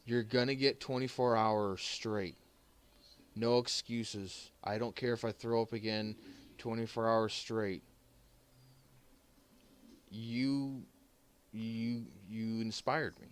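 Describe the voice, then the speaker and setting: A man giving an emotional thank-you to his stream viewers, choked up and halting, restarting his sentences and pausing often as he holds back tears. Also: on the low side, fairly even intonation, clear, resonant tone. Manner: halting and heartfelt, many restarts and pauses.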